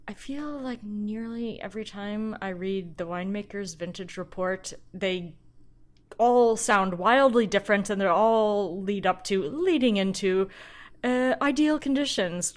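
A woman's voice: mid-range voice, unhurried. A woman hosting a solo wine podcast, chatting casually in a rambling, self-deprecating way and tossing offhand asides into what she reads aloud.

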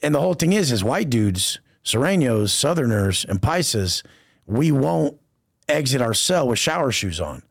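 Gravelly, profane man telling prison stories. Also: mid-range voice, normal speed, dry recording, studio quality. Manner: profane, animated street slang, acts out quoted voices. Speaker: podcast guest. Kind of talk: casual storytelling interview.

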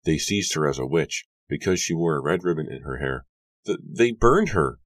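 A man with a very deep voice voicing a young village woman, lifting his pitch into a light, girlish tone for this storybook character. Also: fairly quick, dry recording. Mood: distressed. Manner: raised, breathy girlish pitch. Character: young village woman, teasing yet fearful.

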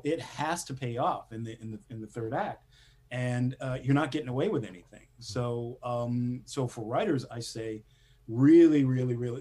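A man's voice: medium pitch, darkish tone, breathy edge. A man, a screenwriter, talking casually in an interview with lots of fillers and restarts. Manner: rambling, many fillers and restarts, laughs often. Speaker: animation screenwriter guest.

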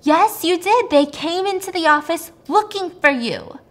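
A woman's voice: mid-range voice, fast talker, close to an everyday voice. Woman doing an angry young nurse. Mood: accusing. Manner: sharp, accusing.

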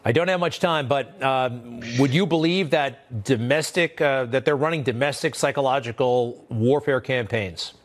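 A man hosting a conversational cable news interview, asking blunt, skeptical questions with quick wisecracks. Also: medium pitch. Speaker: TV news host.

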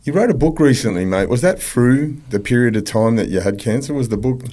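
Quick-talking male interviewer, mellow voice. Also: medium pitch, lively intonation. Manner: brief encouraging interjections and questions. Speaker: podcast host. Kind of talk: casual interview chat.

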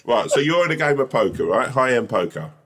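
A man's voice: medium pitch, big pitch swings, a little fast, a bit bright. A man chatting casually on a podcast, rambling through silly made-up scenarios. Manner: rambling, builds silly hypotheticals. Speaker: podcast co-host. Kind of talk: casual banter.

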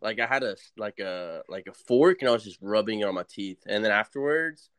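A man's voice: lowish voice, animated, brisk, a bit bright, dry recording. A young man chatting as a podcast guest, laid-back and slangy, swearing casually.

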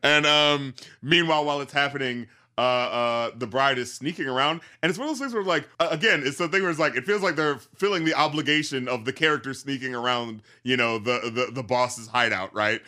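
A man's voice: medium pitch, fairly quick, few pauses, pushed and bright. A man co-hosting a podcast, chatting casually about a film, rambling with lots of fillers and swearing. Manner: rambling, profane, many fillers. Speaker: podcast co-host.

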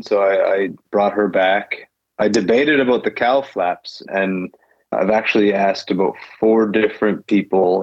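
A man's voice: lowish voice, no room sound. Guy pilot guest chatting loose, repeats himself, kinda dull lo-fi sound. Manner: loose, repeats phrases, laughs as he tells it. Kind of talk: casual storytelling.

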